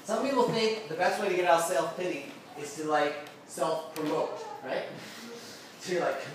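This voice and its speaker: Youth preacher, male, high voice, chatty and interactive, recorded from afar in a very echoey room. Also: normal speed, slight background noise. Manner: constantly checks in with the listeners. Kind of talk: casual interactive sermon. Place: air-conditioned room with a group. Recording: very echoey room, mic far off.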